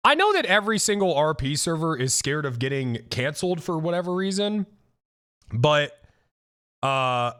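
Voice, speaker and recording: Young man, streamer, high lively voice, bright tone, profane ranting commentary. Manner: animated, profane, ranting with frequent restarts. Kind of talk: casual reaction commentary.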